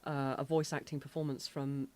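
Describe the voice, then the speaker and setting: English woman on a podcast, really low voice, calm and thoughtful. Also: dry recording. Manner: measured, thoughtful. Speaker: podcast co-host. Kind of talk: casual chat.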